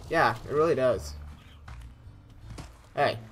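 A man's voice: medium pitch, slow, fairly bright tone, faint music behind. A young man talking casually over his game, rambling to viewers and yelping when startled. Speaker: gaming YouTuber. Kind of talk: casual let's play commentary.

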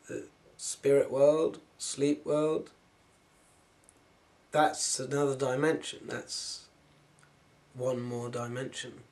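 A man musing casually to camera about spiritual dimensions, wandering from thought to thought and trailing off. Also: medium pitch. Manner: musing, wandering, with soft laughs and trailing-off phrases. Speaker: spiritual vlogger.

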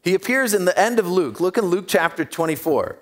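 A man's voice: sits high, animated, brisk. A man preaching a sermon, telling stories with humor and acting out the voices of the people in them. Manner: humorous and self-deprecating. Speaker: pastor.

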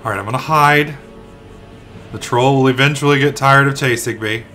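A young man hosting a let's play, commentating excitably and shouting curses at the game. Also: mid-range voice, normal speed, faint music behind. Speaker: gaming channel host.

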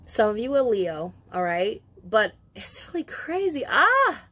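A woman's voice: medium pitch, sing-song, a little slow. Emotional chatty woman tarot reader. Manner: emotional, chatty, swears casually, many asides. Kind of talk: casual spoken tarot reading.

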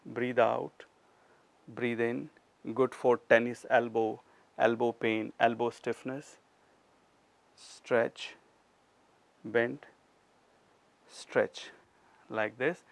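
A middle-aged man with an Indian accent, teaching a yoga class and calmly cueing each breath and movement step by step. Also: medium pitch, gravelly, no room sound. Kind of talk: guided yoga class instruction.

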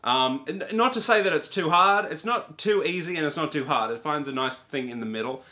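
Male game reviewer, fairly high and bright voice, offhand, gushing, profane. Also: lively intonation, a little fast. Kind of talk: casual spoken game review.

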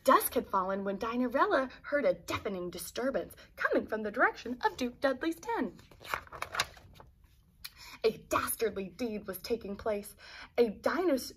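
A woman teacher reading a children's picture book aloud, expressive, adding explaining asides to young pupils. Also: fairly high pitch, moderate pace, slight background noise.

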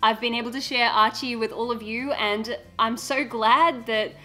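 Young female vlogger, bright and slightly high, giggly and heartfelt, soft music underneath. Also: fairly even intonation, moderate pace. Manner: earnest and emotional, with frequent giggles. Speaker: beauty YouTuber. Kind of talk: casual unboxing vlog.

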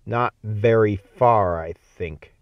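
A man's voice: mid-range voice, normal speed, no room sound, muffled recording, close to an everyday voice. A man reading aloud as an angry, sarcastic Union general scolding an officer. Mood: scornful.

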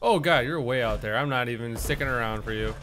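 A man giving casual, jokey let's-play commentary, reacting excitably to the game. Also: mid-range voice, quick pace, faint music behind. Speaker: gaming YouTuber.

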